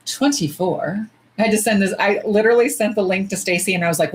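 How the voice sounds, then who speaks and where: A woman's voice: mid-range voice, fast, slightly rough, rough recording. Chatty woman on a livestream. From United States. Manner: chatty, animated, swears freely, says y'all. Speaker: nail polish swatching livestreamer. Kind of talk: casual livestream chat.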